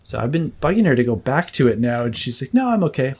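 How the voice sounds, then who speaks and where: A man's voice: medium pitch, fast talker, slightly rough. Casual male podcast co-host. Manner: relaxed storytelling with many fillers. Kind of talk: casual chat.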